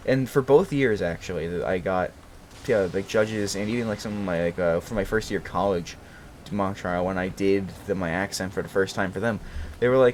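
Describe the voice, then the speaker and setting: A man's voice: deep voice, fairly quick, darkish tone, a little hiss or hum. A man in his twenties from Brooklyn, New York, chatting casually as a host, rambling with frequent swearing, laughter and self-corrections. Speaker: channel host. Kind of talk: casual chat.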